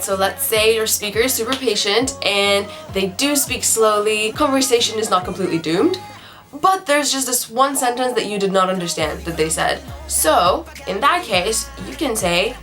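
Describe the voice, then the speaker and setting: A young woman giving a casual online language lesson, chatty and upbeat, repeating each phrase slowly for learners. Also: on the high side, lively intonation, a bit bright. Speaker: language tutor. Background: faint background music.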